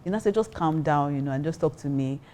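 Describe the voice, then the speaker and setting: A middle-aged woman with a Nigerian accent, a pastor and co-host, telling a story in a lively way and acting out the quotes. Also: sits low, fast talker. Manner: lively, acts out quotes, mixes in Pidgin. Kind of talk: casual storytelling chat.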